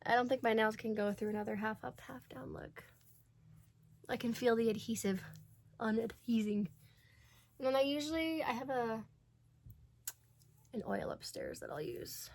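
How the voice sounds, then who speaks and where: A woman's voice: a little high, expressive, normal speed, pauses often. A woman vlogger chatting casually and rambling as she gets ready for an event. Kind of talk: casual get-ready-with-me chat.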